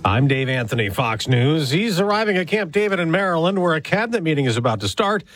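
A man anchoring a national radio newscast, reading headlines in a crisp, measured delivery. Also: fairly high pitch, sing-song, a bit bright, faint music behind. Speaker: network radio news anchor. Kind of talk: news reading.

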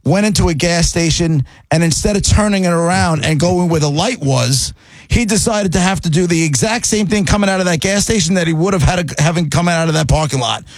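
A middle-aged man telling a long story in casual chat, animated and rambling, often checking in with the listener. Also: on the high side, fairly quick, no echo. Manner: animated, rambling, repeats "right?".

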